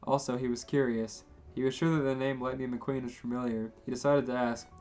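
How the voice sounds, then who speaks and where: A man's voice: medium pitch, steady tone, fairly quick, hardly any pauses, a little mellow, faint music behind. A man hosting a comedy podcast, reading fan fiction aloud and laughing often. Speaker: podcast host and reader.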